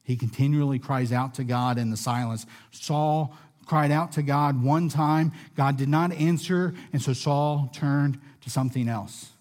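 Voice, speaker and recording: A man preaching a sermon in a room with listeners, earnest and measured, often dropping softly at the ends of phrases. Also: mid-range voice, steady tone. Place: room with a gathered audience.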